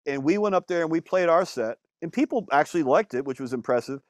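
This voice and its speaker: Give me an animated man recalling his band days in a relaxed interview, with a dry sound. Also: a little high, quick pace, no echo. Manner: animated, swears, many fillers and restarts. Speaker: musician guest. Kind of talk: casual storytelling interview.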